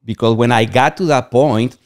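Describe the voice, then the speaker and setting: A man's voice: medium pitch, normal speed, clean tone, no echo, clean studio sound. A man from Guatemala, a podcast guest telling personal stories in a rambling way and often saying "you know what I mean". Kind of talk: candid personal storytelling.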